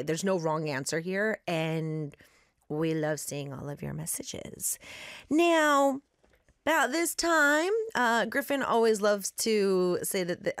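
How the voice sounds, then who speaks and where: Animated woman hosting a radio show. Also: mid-range voice, dry recording, studio quality. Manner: chatty, enthusiastic, warmly grateful. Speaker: radio host.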